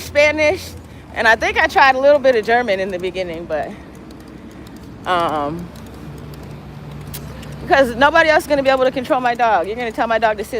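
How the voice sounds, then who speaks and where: A woman with a slightly high, fairly bright voice livestreams while walking down a city street. She chats casually, rambling and swearing, and talks baby talk to her cat. The audio is poor, with slight background noise.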